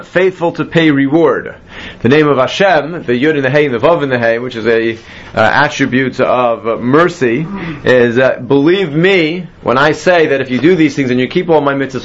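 A man's voice: mid-range voice, a bit bright, muffled recording, slight background noise. A man teaching a classroom Bible lesson, explaining step by step and quizzing his students. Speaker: Torah teacher.

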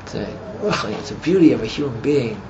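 A man's voice: medium pitch, normal speed. Rambling male teacher telling a story. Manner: rambling, heavy "you know" fillers, grows animated in the story. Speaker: religious teacher. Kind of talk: storytelling class lecture. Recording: muffled with steady background noise.

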